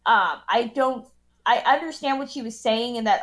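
A woman with a fairly high voice hosts a casual chat. She reads out a listener question, then weighs her answer aloud and fills pauses with ums. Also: expressive. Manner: thinks aloud with frequent ums. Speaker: podcast host.

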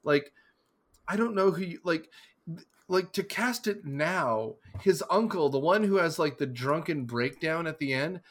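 A man's voice: on the high side, expressive, unhurried. A man co-hosting a podcast in casual chat, rambling and joking with digressions. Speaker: podcast co-host.

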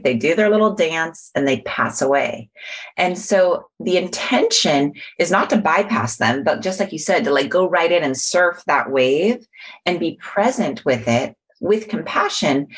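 A woman's voice: on the low side, breathy edge. A middle-aged woman in casual conversation, explaining mindfulness and self-compassion in an earnest teaching manner.

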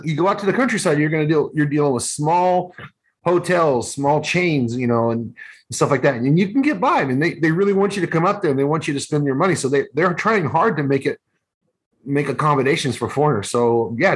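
A man's voice: a little high, animated, fast, slightly rough. A man co-hosting a podcast in casual chat, blunt and profane, handing out advice. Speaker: podcast co-host.

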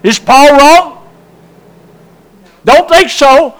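A man delivers a sermon in a very high-pitched voice. He preaches slowly and emphatically, drawing out his phrases and putting rhetorical questions to his congregation. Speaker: pastor.

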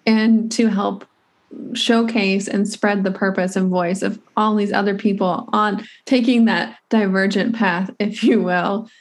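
A woman's voice: mid-range voice, fairly even intonation, a little slow. A woman hosting a podcast in casual conversation, earnest and reflective, often restarting her sentences. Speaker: podcast host.

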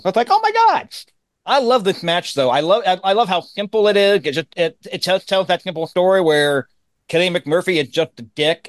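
A man co-hosting a podcast in casual chat, emphatic and quick to swear, with stumbling restarts. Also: a little high, no room sound. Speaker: podcast co-host.

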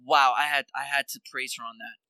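A man co-hosting a casual chat reviewing a TV series, eager and animated, jumping in with his reactions. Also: medium pitch, brisk, clean tone, no echo, low-quality recording. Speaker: podcast co-host.

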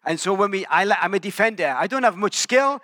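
A man's voice: high-pitched, expressive, fast, bright, forceful tone, no echo, clean studio sound. A man in his forties with an English accent, preaching a sermon in a church and telling personal stories in a conversational, self-deprecating way. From England. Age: 40s. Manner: conversational, self-deprecating storytelling with frequent restarts. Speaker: pastor.

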